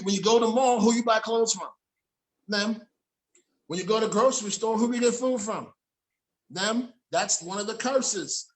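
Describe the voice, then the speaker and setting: Male host with a high voice, on a video call, ranting in a heated, profane way. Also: a bit bright, rough recording. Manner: profane, heated, repeats himself, restarts. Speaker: show host. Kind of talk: ranting casual talk show chat.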